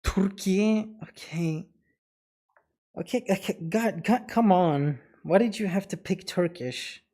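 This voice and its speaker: This livestreaming man has a high, dark-toned voice and speaks slowly. He keeps things casual, swearing frequently, joking, and dropping into fake foreign phrases, with frequent laughs between lines.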